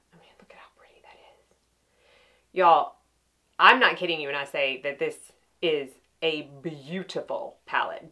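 Woman, middle-aged, bright slightly low voice, chatty enthusiastic makeup talk to camera. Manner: chatty and enthusiastic, often restarting sentences. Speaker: makeup artist reviewing her palettes. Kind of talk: casual chat to camera.

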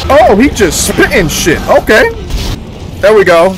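A young man giving loud, excitable, profane live commentary while playing a game on a headset, laughing often. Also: high-pitched, a little slow, music in the background. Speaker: gaming streamer.

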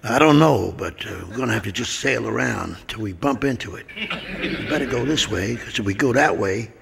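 A man's voice: mid-range voice, expressive, brisk, vocal fry, in a large hall, a loud crowd, voice pushed down. A man voicing a brash, boastful male explorer captain who talks in a cocky, slangy way, on a live stage recording. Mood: bossy.

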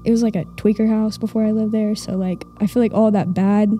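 On stage at a live event in a castle, a young woman from Oklahoma shares a story as an audience member, laughing nervously and filling gaps with lots of fillers. She has a mellow, medium-pitched voice with even tone and a fairly quick pace. Soft music plays in the background.

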